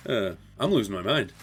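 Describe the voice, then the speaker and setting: A man excitedly recapping a comic book issue in a casual, rambling way, acting out the characters' lines. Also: medium pitch, husky. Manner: excitable, rambling, acts out quotes.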